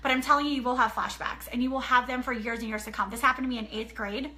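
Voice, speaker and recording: Earnest woman author, thirties, bright and a little high, animated storyteller. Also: fast talker. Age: 30s. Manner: earnest, animated storytelling, often checks in with "okay?". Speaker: author sharing a personal story. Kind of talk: casual personal talk.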